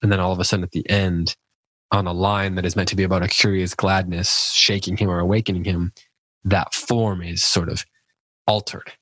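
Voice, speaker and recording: Male podcast host, low voice, dry close sound, reflective poetry commentary with some restarts. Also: little pitch movement, fairly quick, fairly bright tone, no room sound, rough recording. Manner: thoughtful, musing, with frequent restarts.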